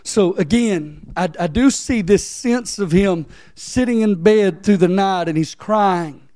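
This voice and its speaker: A man's voice: high voice, slow, dark tone, dry recording, clean studio sound. A man preaching a sermon, repeating phrases and rising into emphatic, near-sung lines.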